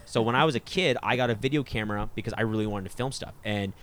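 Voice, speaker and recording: A man's voice: lowish voice, quick pace, fairly bright tone. Crude joking man in casual chat. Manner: crude joking storyteller, many restarts.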